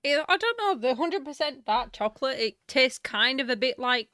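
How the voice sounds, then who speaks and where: A woman's voice: sits high, animated, normal speed, bright, forceful tone, dry recording, clean studio sound. A woman chatting casually and laughing easily. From Northern England. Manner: giggly, easygoing. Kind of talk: casual chat.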